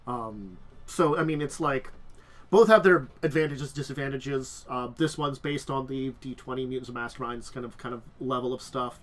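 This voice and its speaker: A man's voice: mid-range voice, a bit bright. Stuffy-nosed man hosting a chat. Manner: halting, many restarts and ums. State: stuffed up nose. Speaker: podcast host. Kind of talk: casual chat about tabletop games.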